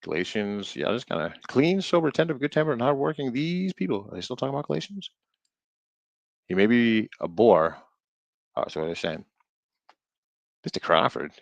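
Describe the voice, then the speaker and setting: This streamer's voice is mid-range, very animated and gravelly, recorded with no room sound. He works his way through an old book out loud, tripping over the words and riffing jokingly between lines.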